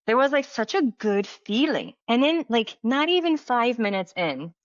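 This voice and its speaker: A woman's voice: on the high side, sing-song, moderate pace, no echo. A middle-aged woman, a medium and healer, telling stories in a casual interview, full of "like" fillers and acting out quoted dialogue. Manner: chatty, filler-heavy, acts out quoted dialogue. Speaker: medium and healer, podcast guest. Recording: dull lo-fi dry sound.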